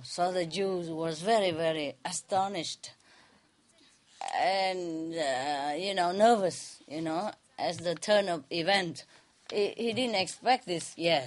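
A woman telling a folk tale to a group in loose, conversational English, chuckling often as she goes. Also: lowish voice. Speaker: storyteller.

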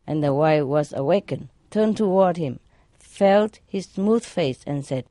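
A woman's voice: sits low, expressive, unhurried, warm tone, no echo, clean studio sound. A woman reading jokes aloud in a casual way, laughing at her own punchlines. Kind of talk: casual joke telling.

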